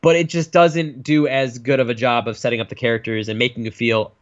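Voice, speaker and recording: A man co-hosting a casual film review chat, animated and swearing freely. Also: mid-range voice, fairly quick. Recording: dull lo-fi sound.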